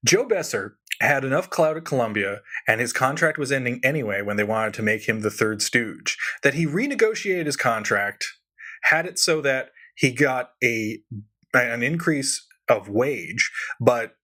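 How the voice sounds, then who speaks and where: A man co-hosting a podcast, chatting casually and animatedly, laughing often with quick asides. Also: medium pitch, animated, sharp tone. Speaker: podcast co-host. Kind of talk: casual chat.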